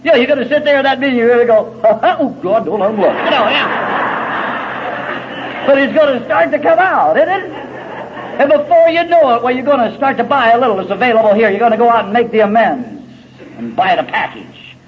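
A middle-aged man with a very high, animated voice speaks fairly quickly at a recovery meeting, giving a personal testimony in a folksy, salty style laced with wry humor. The recording is dull and lo-fi, with faint hiss.

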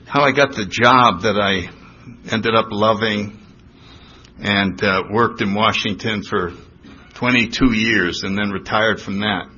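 An older man telling his recovery story in a personal talk, animated, acting out the voices of the people he describes. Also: fairly low pitch, measured pace, husky. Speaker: recovery speaker. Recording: dull lo-fi recording.

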